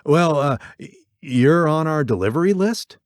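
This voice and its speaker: A man's voice: fairly high pitch, lively intonation, unhurried, no room sound, studio quality, voice pushed up. A man voicing a nervous, shady male car dealer who stammers and hesitates. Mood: flustered.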